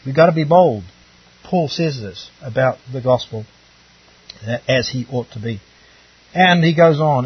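A man's voice: mid-range voice, animated, a little slow, pauses often, slightly rough, distant mic, highs cut off. A man preaching a sermon on a Bible passage, from outside the United States, emphatic and full of rhetorical questions.

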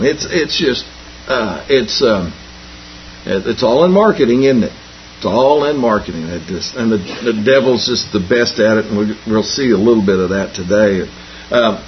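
A man with a mid-range voice preaches a folksy Bible lesson, cracking homespun jokes and repeatedly restarting phrases. The lo-fi recording sounds dull, with a bit of hiss or hum.

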